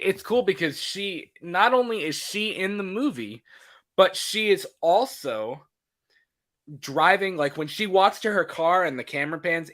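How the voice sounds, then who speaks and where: A man co-hosts a casual movie podcast, his voice sitting a little high and swinging widely as he retells scenes. He laughs often and drops into quick impressions of the characters. The tone stays bright and forward. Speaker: podcast co-host.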